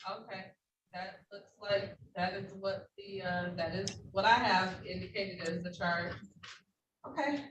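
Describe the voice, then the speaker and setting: A woman's voice: mid-range voice, measured pace. Woman judge reading court procedure, formal and patient, echoey courtroom, faint background noise. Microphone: video call. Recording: roomy, distant, faint noise.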